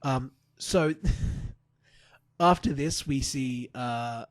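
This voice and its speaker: A man's voice: mid-range voice, drawn-out words, dry recording. A man co-hosting a casual podcast, recapping matches in a rambling, play-by-play way with lots of fillers. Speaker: podcast co-host. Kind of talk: casual wrestling recap chat.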